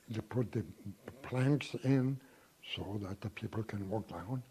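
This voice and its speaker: Very husky elderly man. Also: lowish voice, mellow. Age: 90s. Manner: halting, repeats words while recalling. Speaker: interviewee recalling 1948. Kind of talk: oral history interview.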